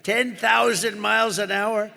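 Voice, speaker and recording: Speaking to a huge indoor arena, this man, a political candidate at a rally, rambles and brags, stopping for asides to the audience. His voice is bright, gravelly and slightly high, his tone steady and his pace unhurried. Long reverb fills the sound, with a faint crowd murmur and a cheering crowd behind him.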